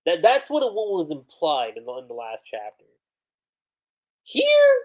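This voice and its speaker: A man on a livestream, casually recapping and reading out comic panels, rambling with slangy asides. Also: on the high side. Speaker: livestream manga reviewer.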